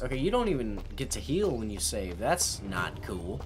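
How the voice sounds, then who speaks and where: A man hosting a gaming channel, giving let's-play commentary with excitable, swearing, shouting reactions. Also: medium pitch, normal speed, hardly any pauses. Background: loud game music.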